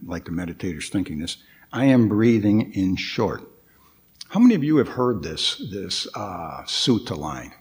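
A lower-voiced man gives a measured dharma talk, his pitch rising and falling in wide, expressive swings. He pauses often, trips over restarts and fillers, and turns to the listeners with questions. He speaks unhurriedly, letting each point settle. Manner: halting, with frequent fillers and restarts; reflective, questions the audience. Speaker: guest meditation teacher. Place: Buddhist temple hall.

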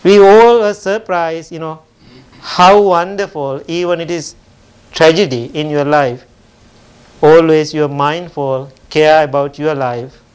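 A man gives a gentle sermon, telling a parable to grieving parents. His voice sits slightly high, and his phrasing is simple and unhurried. He speaks as a temple meditation teacher. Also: fairly even intonation, smooth.

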